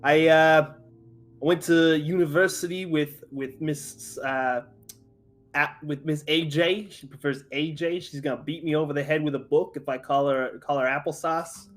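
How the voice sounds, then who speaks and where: A man's voice: on the high side, fairly even intonation, measured pace, lightly acted. A man voicing a cocky young male boxer with a put-on New York Italian accent, in a tabletop role-play. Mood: boastful. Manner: brash, boastful, laughing a lot.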